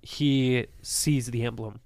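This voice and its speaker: A man's voice: medium pitch, steady tone, takes it slowly, creaky, darkish tone, no echo. A man narrating a tabletop game as game master, rambling with many hesitations and frequent laughs.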